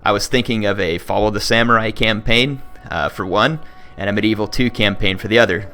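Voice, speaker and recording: A man with a somewhat low, bright and forceful voice chats earnestly to his audience, circling back and restarting his sentences. Faint game music plays softly underneath. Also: fairly quick, hardly any pauses. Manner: earnest, rambling, many restarts. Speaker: gaming YouTuber. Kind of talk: casual talk to viewers.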